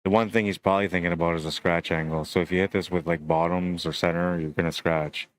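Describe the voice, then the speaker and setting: A young adult man giving relaxed, chatty live commentary on a pool match and greeting stream viewers. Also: low voice, fast talker, slight background noise.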